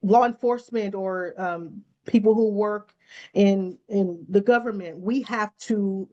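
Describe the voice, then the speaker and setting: Animated woman teaching cybersecurity. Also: medium pitch, a little slow, highs cut off. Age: adult student. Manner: animated, acts out quoted exchanges, laughs often. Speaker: cybersecurity instructor. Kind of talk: conversational teaching talk.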